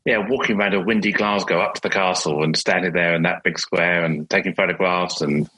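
A man's voice: sits low, fairly even intonation, a little fast, bright, forceful tone, slightly rough, low-quality recording. A man hosting a podcast, asking questions and thoughtfully summing up his guest's points. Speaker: podcast host. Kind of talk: interview questions and reflection.

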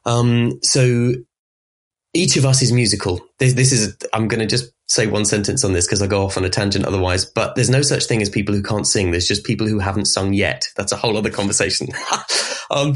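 Berkshire-accented guy on a podcast, husky voice, chatty and expressive. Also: fairly low pitch, a little fast. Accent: Southern English, Berkshire. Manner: expressive, demonstrates speech sounds, light laughs. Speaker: podcast guest, voice specialist. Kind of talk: conversational interview.

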